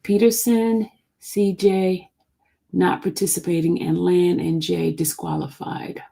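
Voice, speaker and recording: A woman hosts a live stream, reading a court document slowly in a low, creaky voice with a dark tone and level delivery. She stumbles over the legal terminology and chats informally between passages.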